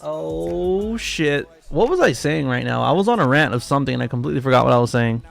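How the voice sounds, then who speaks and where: A man's voice: on the high side, lively intonation, fairly quick, gravelly, soft background music. A man hosting a live trading stream, ranting emphatically and profanely, repeating himself for effect. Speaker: livestream trading host. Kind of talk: casual livestream rant.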